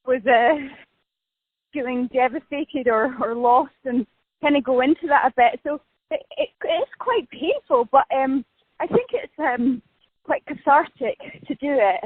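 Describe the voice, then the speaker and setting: A woman's voice: high-pitched, husky, no room sound. A Scottish woman talking in a casual phone interview, chatty and self-deprecating, laughing often while walking outdoors. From Scotland. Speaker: actress being interviewed. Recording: tinny phone line.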